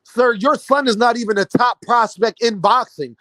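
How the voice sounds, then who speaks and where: A man's voice: very high voice, normal speed, fairly bright tone, no room sound. A man ranting about boxing to his viewers, mocking and incredulous. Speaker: boxing commentary vlogger. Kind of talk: animated boxing rant.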